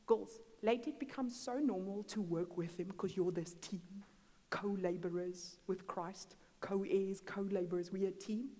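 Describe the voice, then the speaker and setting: A woman's voice: medium pitch, fairly even intonation, normal speed, mellow. A woman preaching a storytelling sermon in a church hall, acting out the dialogue in her stories. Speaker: guest preacher. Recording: long church-hall reverb.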